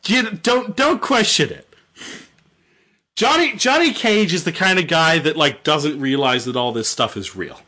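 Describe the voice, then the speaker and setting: A man's voice: a little high, lively intonation, measured pace, sharp tone. A man casually retelling a video game story, rambling and jokey with lots of fillers. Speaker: storyteller host.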